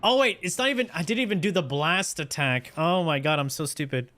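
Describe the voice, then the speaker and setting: A man's voice: on the high side, animated, brisk, fairly bright tone. A man streaming a game, chatting casually with his viewers in a rambling, self-mocking way. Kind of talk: casual game livestream chat.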